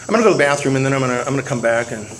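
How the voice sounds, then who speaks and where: A man voicing a calm, polite male friend, measured and quiet, in a lower voice than his own. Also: noisy background, natural voice.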